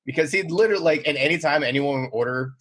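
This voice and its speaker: A man's voice: fairly high pitch, fast talker, a bit bright. A man co-hosting a podcast in a casual chat, laid-back and telling work stories. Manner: laid-back, acts out quotes in bursts. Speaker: podcast co-host.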